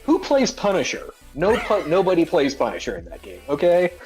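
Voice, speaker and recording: A man co-hosting a casual gaming news podcast, animated and jokey, often talking over his partner. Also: a little high, moderate pace, husky, faint music behind. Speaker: podcast co-host.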